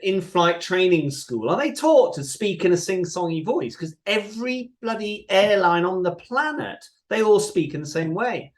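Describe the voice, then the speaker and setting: A man's voice: sits high, animated, normal speed, hardly any pauses. Thoughtful man, podcast guest. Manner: reflective, sometimes mimics voices while making a point. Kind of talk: casual podcast interview.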